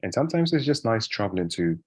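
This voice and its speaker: A man chatting casually as an interview guest, relaxed and rambling, with many fillers and restarts. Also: fairly low pitch, quick pace, slightly rough. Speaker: guest English speaker.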